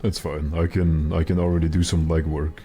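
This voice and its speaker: A man's voice: a bass voice, level tone, fairly quick, dark tone, soft background music. A man giving casual live commentary while streaming a game, chatty with wry, self-mocking asides.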